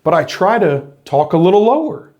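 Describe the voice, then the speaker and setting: A man's voice: high-pitched, sing-song, normal speed, a little mellow, highs cut off. A middle-aged man, a former police officer, talking earnestly in a reflective monologue to camera, explaining his points with frequent restarts.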